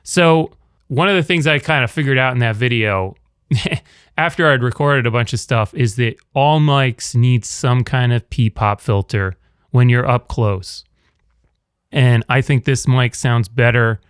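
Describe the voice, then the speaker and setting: Man, smooth clear voice, casual rambling gear talk, quiet indoor room, shotgun mic. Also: medium pitch. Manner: rambling, self-correcting, demonstrates by talking at different distances. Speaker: video creator reviewing a microphone. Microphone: shotgun mic on camera, near and far.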